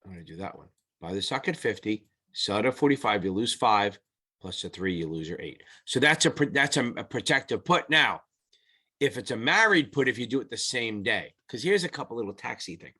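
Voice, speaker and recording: A middle-aged male tutor walks through exam material in a loose, unscripted way, blunt and salty with his language. His voice is bright and forceful, and he keeps circling back to restate his points. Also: fairly low pitch, animated, a little fast, slightly rough. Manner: blunt, profane, rambling explanations. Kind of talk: casual whiteboard lesson.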